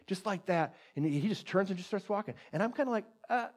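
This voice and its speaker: A man preaches in a relaxed, conversational way, stopping and restarting as he retells a story. His voice sits a bit higher than most men's. When he quotes a prayer, he drops to a hushed tone. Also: fast, few pauses. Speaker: pastor. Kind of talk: sermon with personal story.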